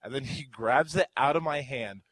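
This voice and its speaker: A young man co-hosting a podcast, telling a story in casual chat and acting out the quotes with loud, rising outbursts. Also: mid-range voice, normal speed, dry recording, rough recording. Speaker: podcast co-host.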